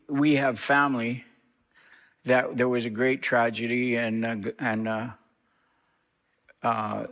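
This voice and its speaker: A middle-aged reverend, a man, telling a story in an interview, lively and acting out what others said. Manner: animated storyteller, acts out quoted speech with big pitch jumps.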